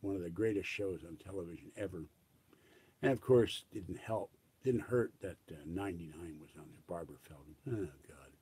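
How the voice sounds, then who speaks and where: An older man musing aloud in a rambling casual monologue, reminiscing and often trailing off quietly. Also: low-pitched, moderate pace, slightly rough.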